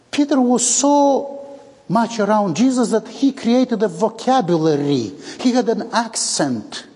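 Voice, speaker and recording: A man's voice: high voice, expressive, a little slow, dark tone, breathy edge. A male preacher giving a sermon, speaking dramatically and acting out the dialogue he tells. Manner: dramatic, acts out quoted dialogue. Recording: long hall reverb.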